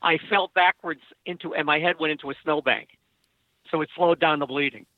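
High-voiced man on a dull, dry line. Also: fairly quick, dry recording. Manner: wry storyteller, hesitant restarts. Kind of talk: casual conversation.

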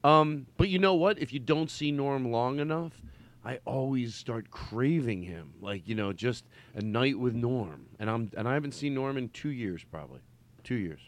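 A man's voice: mid-range voice, expressive, normal speed. A man hosting a podcast in casual chat, rambling and cutting himself off. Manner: rambling, self-interrupting. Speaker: podcast host.

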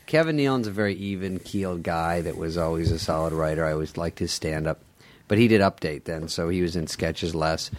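A middle-aged man sits in on a casual podcast chat and tells comic stories. His voice sits a bit low, and his delivery is wry and sarcastic, with quick impressions of other people thrown in. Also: a little hiss or hum. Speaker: podcast guest, comedian.

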